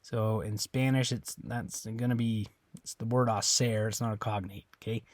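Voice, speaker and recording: A man's voice: on the low side, steady tone, dry recording. Patient male teacher checking "okay?". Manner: patient, repeats "okay?" often, models words slowly. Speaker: Spanish teacher. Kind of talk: classroom lesson explanation.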